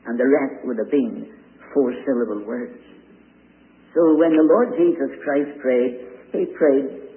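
A man's voice: medium pitch, measured pace. An earnest man preaches a sermon and presses his listeners with pointed, emphatic questions. His voice comes through a thin, tinny radio broadcast. A long reverb trails after his words, as if he stands in a large hall.

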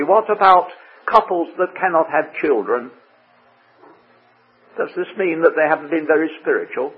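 A man teaching through a Bible passage verse by verse, measured and full of rhetorical questions. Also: a little high, husky. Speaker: preacher. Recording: tinny phone-like radio broadcast.

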